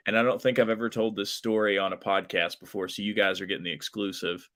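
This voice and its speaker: Bright-voiced man telling a story. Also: lowish voice, fast. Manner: animated, chatty, lots of fillers. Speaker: professional wrestler, guest. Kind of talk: casual storytelling in an interview.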